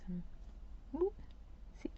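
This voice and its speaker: A woman's voice: slow pace, warm tone, dull audio, a little hiss or hum. A woman giving a chatty live craft demo at her desk at home, rambling and talking to herself as she works. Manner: rambling, talks to herself while working. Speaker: craft demonstrator.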